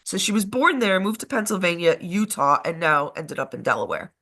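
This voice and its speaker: A woman co-hosts a live show, spinning a rambling, animated story in casual conversation and swearing as she goes. Her voice sits fairly low and she talks fairly quickly.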